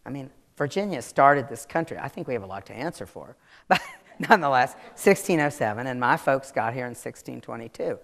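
With a bass voice, vocal fry and an animated, slightly fast delivery, a Maryland-born author answers audience questions live. Her Southern accent comes through as she talks frankly and laughs easily.

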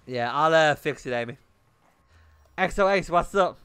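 A man's voice: fairly high pitch, lively intonation, normal speed, fairly bright tone, clean tone, no echo. A young man streaming a game, chatting bluntly with his viewers and swearing often. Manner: blunt and swearing, talking to chat in bursts. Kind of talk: casual livestream chat while gaming.

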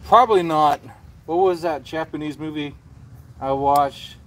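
A man's voice: fairly high pitch, a little slow. A man hosting a casual livestream, rambling and swearing freely as he chats. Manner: rambling and profane, with frequent restarts. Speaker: livestream host.

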